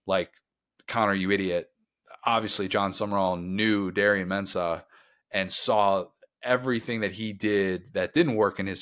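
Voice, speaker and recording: A man with a fairly low voice co-hosts a college football podcast in easy, casual talk. He is wry and opinionated, stretching out words for emphasis. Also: a bit bright. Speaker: podcast co-host. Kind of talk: casual sports podcast chat.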